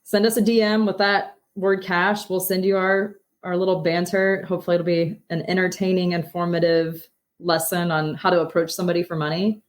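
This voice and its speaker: Upbeat woman co-hosting a podcast, low voice. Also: little pitch movement, fairly quick. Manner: upbeat, laughs often, throws out ideas. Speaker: podcast co-host. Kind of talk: casual podcast chat.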